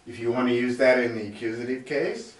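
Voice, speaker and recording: A man teaching a grammar lesson in a classroom, explaining step by step as he writes on a board. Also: mid-range voice. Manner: slow, explanatory, writing on a board as he talks. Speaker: German teacher. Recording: echoey room, mic far off.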